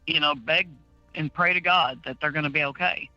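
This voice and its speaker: An outspoken woman calls in to a talk show and laughs easily. Her voice is very bright and forward. It comes through a dull, dry phone line. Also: deep voice, moderate pace, no echo, faint music behind. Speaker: caller. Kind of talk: casual call-in chat.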